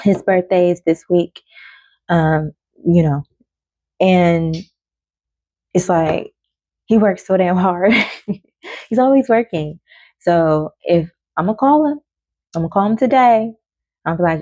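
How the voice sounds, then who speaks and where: A woman's voice: lowish voice, slow pace, pauses often, dark tone, dry recording, dull audio. A woman giving a casual oracle card reading in a loose, chatty way, laughing often and swearing freely.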